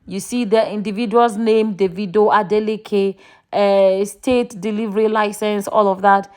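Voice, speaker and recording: A woman's voice: medium pitch, fairly even intonation, measured pace, a little mellow, smooth. A woman, chatting casually in a gossip vlog and reading posts aloud with a lifted voice. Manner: chatty, reads quotes aloud in a raised voice. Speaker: vlogger reading out social media posts.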